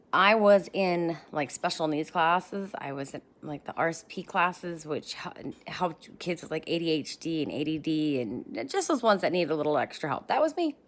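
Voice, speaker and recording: A woman in her thirties talking casually and encouragingly into a handheld phone, bubbly and chatty with rambling asides. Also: fairly low pitch. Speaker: vlogger. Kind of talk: casual motivational talk to camera.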